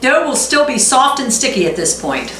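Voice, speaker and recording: A woman's voice: high-pitched, big pitch swings, moderate pace, a bit bright, slight background noise. A middle-aged woman hosting a home cooking video, chatting casually and reading recipe steps aloud with self-deprecating asides. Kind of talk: casual cooking vlog chat. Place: home kitchen. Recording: echoey kitchen with clattering dishes.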